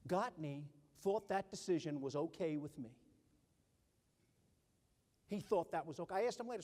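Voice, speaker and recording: A middle-aged man and army officer giving a keynote leadership speech, telling stories in an animated way and acting out other people's voices. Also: sits high, quick pace. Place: large conference hall. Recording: long hall reverb.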